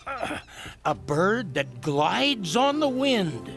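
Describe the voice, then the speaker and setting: A man playing a cheerful elderly woodsman on a children's nature show, gently teaching bird calls. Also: high-pitched, very animated, exaggerated voice. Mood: playful. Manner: slow, gentle, playful teaching. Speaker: woodland nature guide. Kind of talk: children's TV acting. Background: background music.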